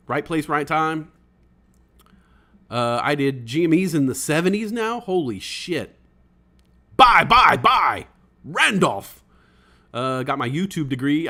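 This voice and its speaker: A man hosting a casual livestream podcast, reading chat comments aloud and rambling excitedly, swearing now and then. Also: fairly high pitch, normal speed.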